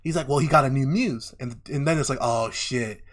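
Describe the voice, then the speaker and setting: A man co-hosting a casual podcast, retelling a story with animated, sweary voices for each character. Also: a little high, fast. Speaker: podcast co-host.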